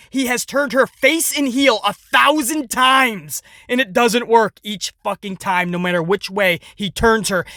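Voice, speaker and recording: A man hosting a casual wrestling commentary show, sarcastic, animated and full of profanity. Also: extremely high pitch, dry recording, clean studio sound. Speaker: podcast host.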